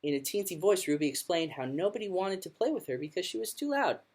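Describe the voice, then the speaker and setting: A woman music teacher reading a children's picture book aloud to her class in an expressive storytelling manner. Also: on the low side, quick pace, slightly rough.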